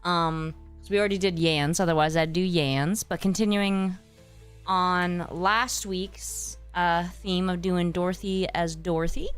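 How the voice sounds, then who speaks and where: A woman's voice: fairly low pitch, steady tone, a little slow, clear, resonant tone, faint music behind. A woman chatting casually to her live-stream audience as host, hesitant and a little scattered, with many fillers and restarts. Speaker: streamer hosting her channel.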